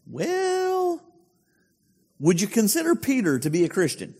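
A male pastor preaching with a lively, up-and-down delivery and a fairly high voice. He asks the congregation rhetorical questions in a chatty tone, and his voice carries a long hall reverb. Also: fast talker, slightly rough. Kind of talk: sermon.

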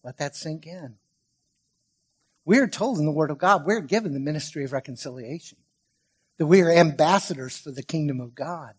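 With a husky voice on the high side, a man preaches emphatically as a pastor. He alternates loud, stressed lines with quiet asides and stretches key words out slowly.

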